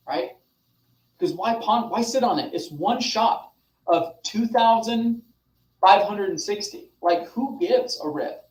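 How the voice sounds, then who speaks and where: A young adult man coaching a group over a video call, animated and demonstrative, talking straight to his listeners. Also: high voice, reverberant, far from the mic, slight background noise, low-quality recording. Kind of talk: motivational online session.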